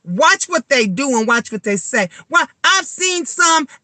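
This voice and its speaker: A middle-aged woman, vlogging in a blunt, animated monologue full of swearing. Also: high-pitched, a little slow, slight background noise. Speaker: vlogger and tarot reader. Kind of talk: casual vlog monologue.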